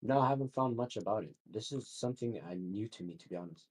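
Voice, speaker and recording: A man with a low, husky voice debates casually over voice chat. He talks fast and fires questions straight back. His tone stays loose and informal throughout. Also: a little mellow, low-quality recording. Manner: casual, says "bro", questions back quickly.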